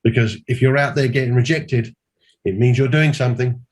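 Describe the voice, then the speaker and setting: A man's voice: medium pitch, fairly even intonation, brisk. A man giving a mentoring talk, emphatic and repeating his key points. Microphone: call audio.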